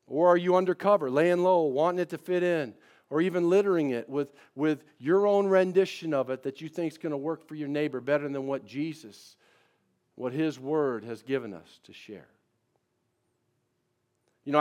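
A middle-aged male pastor preaching a sermon, swinging between loud emphatic declarations and soft, quiet personal asides. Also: a little high.

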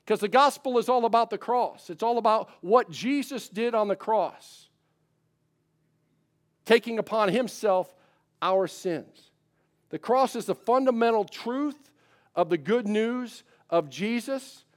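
A middle-aged male pastor preaching a sermon, swinging between loud emphatic declarations and soft, quiet personal asides. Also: high-pitched, a little slow.

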